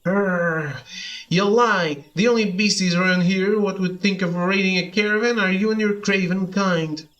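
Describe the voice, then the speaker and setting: A man's voice: high voice, steady tone, moderate pace, a bit bright, highs cut off. A man voicing a brutal mercenary leader who makes crude, growling threats. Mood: menacing.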